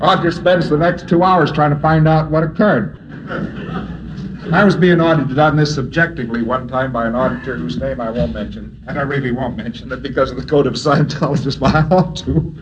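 A man's voice: medium pitch, steady tone, brisk, lo-fi sound, background noise. A man giving an anecdotal lecture who chuckles often and acts out dialogue in his stories.

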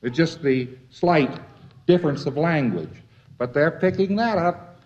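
A man lecturing with wry, folksy asides and a rambling, storytelling flow. His voice sits a touch high for a man. It comes through a dull, lo-fi old recording. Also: lively intonation, unhurried, a little mellow. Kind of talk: lecture to a live audience.

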